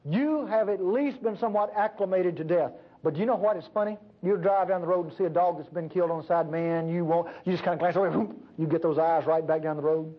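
Husky guy with a high voice preaching hard, swings loud then hushed, dull lo-fi tape sound. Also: fast, few pauses. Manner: fervent, swinging between loud emphasis and hushed lows. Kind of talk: sermon. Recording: dull lo-fi recording.

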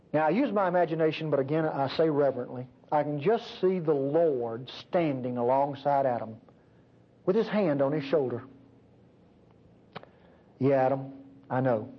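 A man preaching a sermon fervently, swinging between loud emphasis and hushed low passages. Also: husky. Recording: dull lo-fi recording.

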